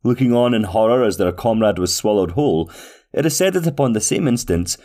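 A man's voice: fairly low pitch, lively intonation, fairly quick, darkish tone, close to an everyday voice. A man voicing a pompous male restaurant manager who reads out a formal, flowery, overly polite letter. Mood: courteous. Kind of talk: scripted reading of a letter.

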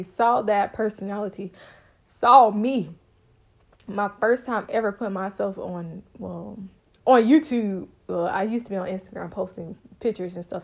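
A young woman hosting her own podcast, telling her story in a bubbly, talkative, casual way. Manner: bubbly, talkative, expressive with sudden high pitch jumps. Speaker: podcast host.

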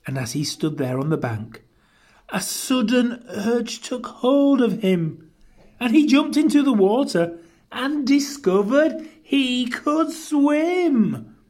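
A storyteller reading a rhyming picture book aloud with an expressive, lilting delivery. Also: mid-range voice, slow pace.

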